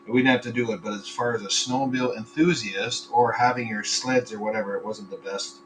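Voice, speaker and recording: Man, podcast host, bright voice, rambling and crude, far from the computer mic, faint hum. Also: medium pitch, fairly even intonation, a little fast. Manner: rambling, swears freely, tells crude jokes. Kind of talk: casual live podcast chat. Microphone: computer microphone.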